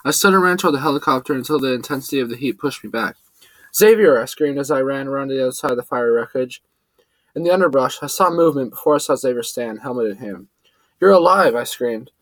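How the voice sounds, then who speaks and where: A man tells a first-person adventure story at a quick pace, lively throughout and pitching his voice up for the characters' quoted lines. The recording is dry and the audio quality poor.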